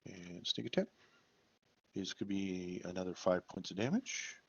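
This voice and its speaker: A man's voice: sits low, normal speed, slightly rough. A man playing in an online tabletop game, playful and talking through his moves. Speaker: player. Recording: dull, lo-fi voice chat.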